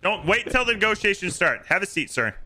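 A man streaming a pirate video game, talking loudly and theatrically with his crew, often laughing and playfully bossy. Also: high voice, big pitch swings, brisk, slight background noise. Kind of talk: excited gameplay chatter.

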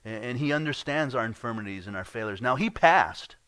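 A man's voice: medium pitch, lively intonation, brisk, a bit bright, no room sound. Earnest, conversational male pastor. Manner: earnest, conversational, repeats words. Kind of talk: sermon.

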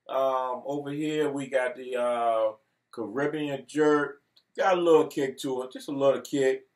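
A man co-hosts an eating show in relaxed casual chat. He talks in an unhurried, laid-back drawl at an ordinary middle pitch. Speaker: mukbang co-host.

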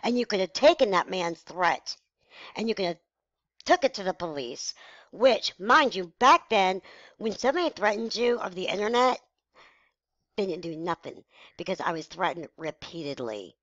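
A woman's voice: mid-range voice, very animated, normal speed, a bit bright, no room sound, highs cut off. A woman in her forties telling a personal story to her viewers, frank, emotional and blunt. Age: 40s. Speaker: vlogger. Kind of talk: candid personal story to camera.

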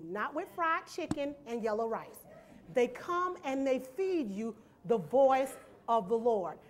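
A woman preaching a sermon in a church, reading scripture verse by verse and asking the congregation rhetorical questions and "amen?". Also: fairly high pitch. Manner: rhetorical questions and call-and-response, asks "amen?"; reads scripture aloud and explains it verse by verse.

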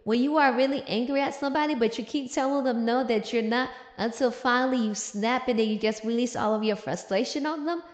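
A woman's voice: on the high side, fairly quick, few pauses. A woman hosting a casual comic recap, chatty and sassy in her commentary. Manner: chatty, sassy, laughs often. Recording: roomy echo with long reverb.

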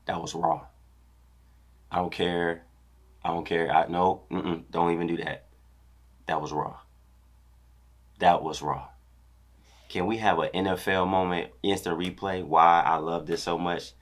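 Hyped man counting beats aloud, low voice. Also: flat delivery, moderate pace. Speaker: dance teacher reacting to choreography. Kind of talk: excited reaction commentary.

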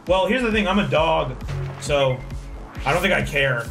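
A man streaming a video game, excitable and swearing, laughing and shouting at what happens on screen. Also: fairly high pitch, normal speed, gravelly, long pauses, recorded from a distance, music in the background. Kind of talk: casual gameplay commentary.

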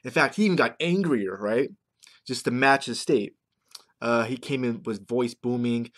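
A man's voice: medium pitch, moderate pace, fairly bright tone. A man in a casual talking-head monologue, rambling conversationally as a marketing vlogger. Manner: rambling, conversational, keeps checking in with "right?".

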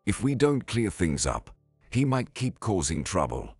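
Gruff, irritable older man read by a male narrator, low and breathy, over faint music. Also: big pitch swings, a little slow, a little mellow, dry recording, studio quality, full character voice. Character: bitter elderly male writer, irritable.

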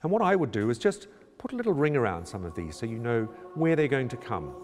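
A man working as a choir director, calmly explaining how to prepare a choral score in a measured, instructional way. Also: mid-range voice, soft background music. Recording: reverberant room with long echo.

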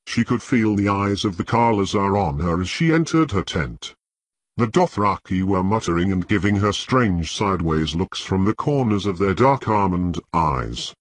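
A man narrating a fantasy audiobook with expressive storytelling. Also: sits low, moderate pace, no echo.

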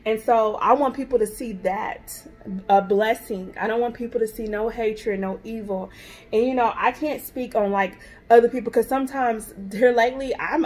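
A woman in her thirties talks to her viewers in a casual, heartfelt vlog, her voice sitting a little high. She repeats herself for emphasis and speaks bluntly, with swearing. Faint music plays underneath. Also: a little mellow. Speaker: vlogger, mother.

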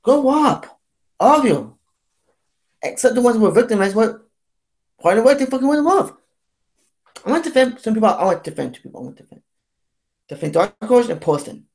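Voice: medium pitch, very animated, fast, vocal fry, long pauses, darkish tone. Fed-up young vlogger ranting. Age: 20s. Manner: fed-up, rambling and repetitive, with swearing and false starts. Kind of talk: ranting vlog monologue.

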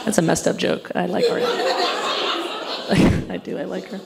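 A woman in her thirties performing a stand-up comedy set on stage, acting out other people's voices in quick bursts. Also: lowish voice, creaky, a loud crowd. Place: stage before a laughing audience.

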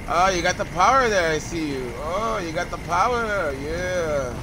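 A man's voice: fairly high pitch, lively intonation, normal speed, few pauses, heavy background noise. A man streaming a game live, rambling and swearing casually as he plays. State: out of breath. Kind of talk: casual live gameplay commentary.

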